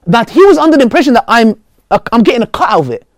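A man, a Muslim preacher talking earnestly and passionately to his viewers, swinging between loud outbursts and quiet pleading. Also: extremely high pitch, very animated, rapid-fire, no room sound, studio quality. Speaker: Muslim preacher and video creator. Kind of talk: heartfelt direct-to-camera talk.

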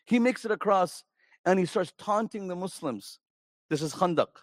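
Man preaching to a congregation, emphatic, lots of rhetorical questions, pretty high voice, dry sound. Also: animated, normal speed, no room sound. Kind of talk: storytelling sermon.

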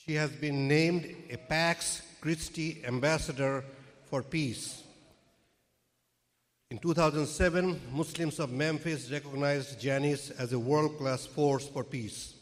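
A man, the founder of an interfaith group, giving a formal award speech at a dinner event in short, halting phrases. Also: on the high side, fairly even intonation. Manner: slow, halting delivery broken into short phrases. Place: banquet hall at an event. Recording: long reverb in a large hall.

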